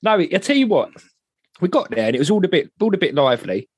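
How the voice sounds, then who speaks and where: A man co-hosting a podcast, telling stories in a slangy, animated chat. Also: sits high, fast, slightly rough, no echo, clean studio sound. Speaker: podcast co-host. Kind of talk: casual chat.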